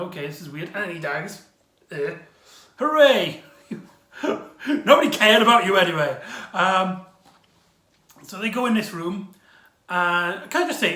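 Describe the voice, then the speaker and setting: Excitable high-voiced man recapping an episode. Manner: excitable, rambling retelling with exclamations. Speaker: TV episode reviewer. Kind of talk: casual episode recap review. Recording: echoey room.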